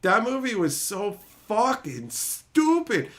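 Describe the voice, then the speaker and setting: High-voiced man in a profane rant. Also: expressive, measured pace, a bit bright. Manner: profane, exasperated ranting. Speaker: streamer. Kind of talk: casual rant.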